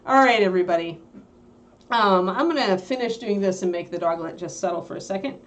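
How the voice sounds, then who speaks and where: A woman's voice: mid-range voice, fairly quick. A woman hosting a casual livestream about painting miniatures. She chats in a rambling way and keeps breaking off to talk to her puppy. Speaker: miniature painting stream host.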